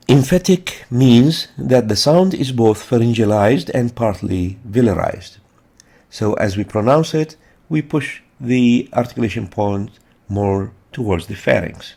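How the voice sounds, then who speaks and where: Gravelly husky guy teaching pronunciation, says each sound over and over, dark tone. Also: medium pitch, expressive, a little slow. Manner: methodical, repeats sounds for drilling. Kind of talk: instructional lesson.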